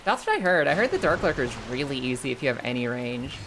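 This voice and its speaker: Excitable young woman streaming a game. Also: fast, noisy background. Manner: excitable, jumps to high squeals, swears freely. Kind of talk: casual live-stream gameplay chatter.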